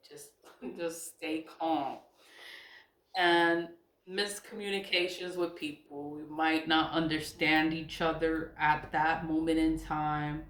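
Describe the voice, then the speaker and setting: Woman, low-pitched, chatty and repetitive, laughs often, echoey room. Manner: chatty and rambling, repeats herself, laughs often. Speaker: spiritual vlogger. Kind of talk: casual chat reading out questions. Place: indoor room at a laptop.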